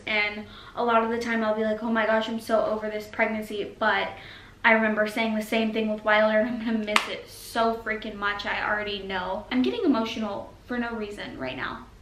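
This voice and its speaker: In this casual update vlog, a young pregnant woman talks emotionally, sounding short of breath and uncomfortable. Her voice is fairly high and a little bright, and she's chatty, dropping "y'all" as she goes. The room echoes and there's faint background noise.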